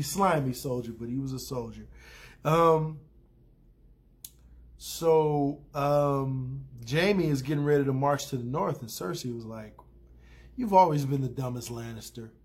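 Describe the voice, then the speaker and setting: Here a medium-pitched man rambles through a casual recap of a TV episode, filled with fillers and false starts. Along the way he offers blunt takes and acts out snippets of characters' dialogue.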